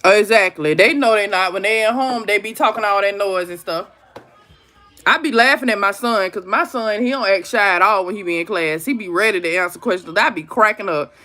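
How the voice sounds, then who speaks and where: A woman's voice: medium pitch, brisk. A woman in her thirties hosting a live stream, talking casually and animatedly to her viewers about her kids' online classes. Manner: animated storytelling, talks straight to viewers as "y'all".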